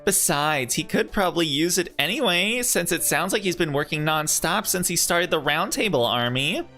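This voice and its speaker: A man's voice: a little high, expressive, moderate pace, sharp tone, faint music behind, voice pushed up. A man voicing a chatty, concerned young traveling companion, close to his own voice.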